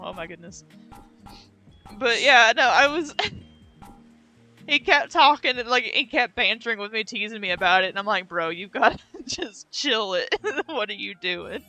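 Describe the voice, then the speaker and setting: Young streamer girl, bright voice, chatty, laughs a lot, slangy. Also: medium pitch. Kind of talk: casual chat.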